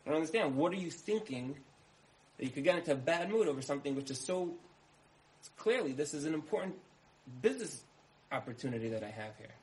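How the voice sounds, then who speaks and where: A man's voice: fairly high pitch, lively intonation, quick pace, natural voice, rough recording. A man voicing an exasperated, self-important businessman husband who rambles on in an indignant complaint.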